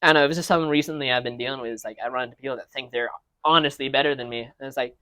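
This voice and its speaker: A man talks through a loose, meandering rant, circling back on himself with fillers and restarts. His voice sits at a middling pitch, and the delivery is casual, the way he would talk among friends. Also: steady tone, rapid-fire, bright, forceful tone. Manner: rambling, many restarts and fillers. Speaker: podcast co-host.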